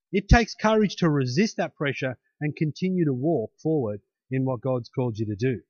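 A man's voice: medium pitch, animated, normal speed, darkish tone, no room sound. Pastor guy preaching, chatty, keeps saying hey?, kinda muffled lo-fi dry audio. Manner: conversational, with frequent "hey?" tags and restarts. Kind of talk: sermon. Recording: dull lo-fi, dry.

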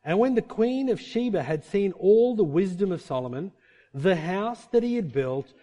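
A man preaching a sermon in a conversational, animated style, full of rhetorical questions and shifts of pace. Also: high-pitched, normal speed. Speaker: pastor.

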